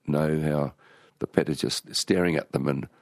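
Very deep gravelly Australian man. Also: fairly even intonation, normal speed, dry recording, studio quality. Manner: rambling, with frequent restarts and storytelling. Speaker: author and interview guest. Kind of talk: relaxed conversational interview.

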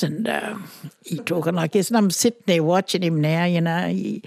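A woman's voice: mid-range voice, normal speed, vocal fry, no echo, clean studio sound. An older Australian woman, a musician, telling a story in an interview and acting out the voices in it. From northern Queensland, Australia. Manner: animated, acts out voices in her anecdotes. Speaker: musician guest.

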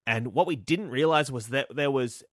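A man's voice: medium pitch, normal speed, no room sound, studio quality. A young man co-hosting, telling a comic story and acting out the voices in it. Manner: animated, acts out voices in his stories. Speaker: co-host.

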